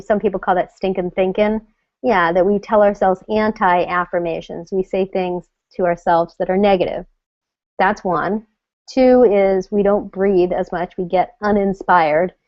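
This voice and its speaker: Middle-aged lady coach talking confidence to a web audience, lively, lo-fi. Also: mid-range voice, dry recording. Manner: animated, acts out scared inner voices. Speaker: confidence coach hosting a live web session. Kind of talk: coaching talk to an online audience.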